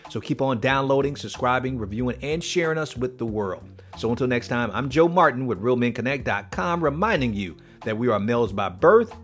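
A man's voice: mid-range voice, animated, brisk, a bit bright, faint music behind. A man hosting a devotional podcast, talking in an earnest, preacherly way with light chuckles. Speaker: podcast host.

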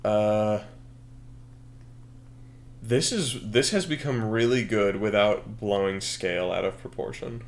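A man co-hosting a podcast, brainstorming a story in casual chat, animated and laughing often as he acts out scenes. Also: on the low side, slow, long pauses. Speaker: podcast co-host.

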